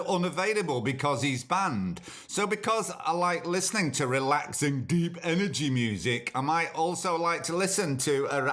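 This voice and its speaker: Sardonic, sweary podcast host. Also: male voice, on the high side, fairly bright tone. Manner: sardonic and sweary, with many ums. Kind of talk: casual solo podcast chat.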